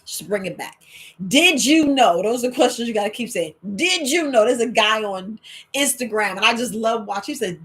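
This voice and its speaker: Lively woman herbalist talking freely. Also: a little high, fairly quick. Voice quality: animated, talks back and forth with imagined listeners. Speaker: herbalist host. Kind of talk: casual monologue.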